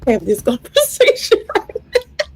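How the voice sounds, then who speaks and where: A woman's voice: on the high side, huge pitch swings, measured pace, slightly rough, low-quality recording. A woman vlogger casually telling a rambling story, quoting what others said. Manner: chatty, rambling, quotes others' lines.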